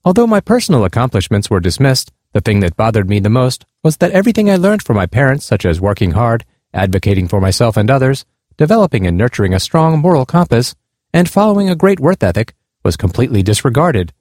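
A man earnestly reading aloud a personal essay about his blind parents' experiences, in a measured tone. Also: mid-range voice, big pitch swings, a little mellow, no echo, studio quality. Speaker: speaker on disability awareness.

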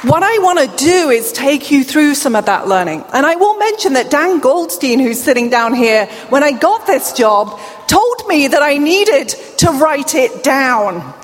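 A woman's voice: high voice, unhurried. A woman with a British accent and a deaf accent gives a conference keynote in a large hall, rousing the crowd and talking to the audience directly. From England. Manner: lively, crowd-rousing, warm asides to the audience. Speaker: keynote speaker. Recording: long hall reverb, faint room noise.

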